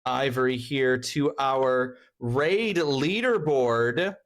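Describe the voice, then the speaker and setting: A man's voice: mid-range voice, very slow. A man hosting a livestream panel, laughing often and restarting his sentences in casual chat. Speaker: stream host.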